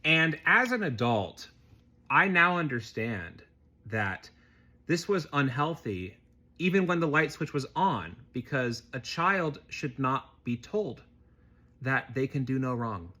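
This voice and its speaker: A man vlogger telling a personal story as political commentary, in an expressive, animated way. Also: medium pitch.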